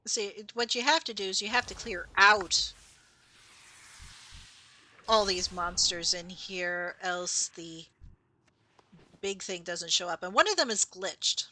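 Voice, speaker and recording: A woman's voice: medium pitch, takes it slowly, long pauses, sharp tone. A woman streamer giving casual, chatty commentary while she plays, explaining game lore and laughing at her own mistakes.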